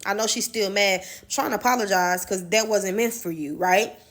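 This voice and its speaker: A woman's voice: medium pitch, moderate pace, a bit bright. A woman telling a personal story in a loose, slangy, profane way, as a casual storytime monologue.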